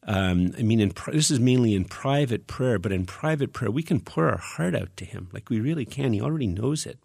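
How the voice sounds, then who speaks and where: A man's voice: mid-range voice, lively intonation, brisk, creaky, darkish tone, husky, dry recording, studio quality. A man preaching a teaching sermon, reading scripture verses aloud and explaining them in an earnest, conversational way with frequent restarts.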